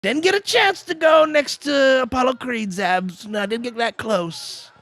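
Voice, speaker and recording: A man's voice: very high voice, a little slow, fairly bright tone, no echo, pitched above the performer's own voice, heavily acted. A man doing a boastful, bragging male public figure who repeats his own claims.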